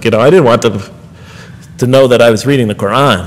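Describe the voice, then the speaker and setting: A middle-aged man gives a public lecture in an earnest, rhetorical style, tossing wry asides to his audience. His medium-pitched voice races along, and a long hall reverb trails through the recording.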